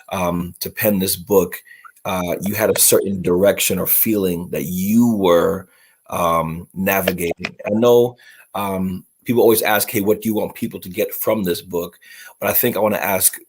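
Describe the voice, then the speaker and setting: Interviewer, very low and husky, halting and searching for words. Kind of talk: casual interview question.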